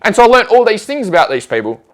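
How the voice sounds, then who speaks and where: Speaking fast in a fairly high, very lively voice, a man tells stories in a relaxed, casual chat, acting out the back-and-forth of conversations as he goes.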